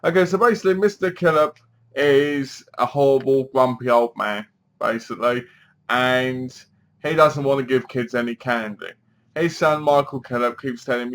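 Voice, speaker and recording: A man's voice: medium pitch, moderate pace, a bit bright. A man giving a casual spoken review of a TV episode, chatty and leaning on "basically" as he recaps. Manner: chatty, keeps saying "basically".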